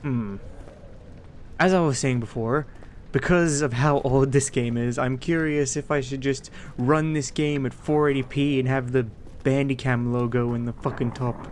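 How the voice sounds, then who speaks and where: A man giving casual let's-play commentary, swearing a lot, excitable, and talking to himself as he plays. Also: medium pitch, normal speed, a little hiss or hum. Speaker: gameplay streamer.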